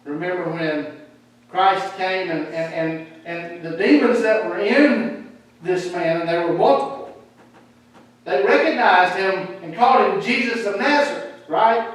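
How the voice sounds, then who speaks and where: A man preaching a sermon in a church, animated and acting out the people he quotes. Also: high-pitched, unhurried. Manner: animated, acts out quoted speech. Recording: echoey hall from far off.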